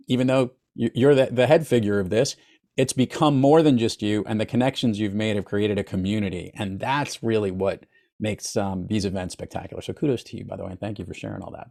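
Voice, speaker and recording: Male podcast host, lower voice, enthusiastic, talks straight to the audience. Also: gravelly, warm tone. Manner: upbeat, enthusiastic, addresses listeners directly. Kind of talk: casual interview chat.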